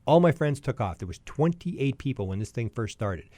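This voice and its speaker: A man in his sixties telling a long personal story as a podcast guest, lively and anecdotal, often restarting his sentences. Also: mid-range voice, normal speed, no room sound. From Canada.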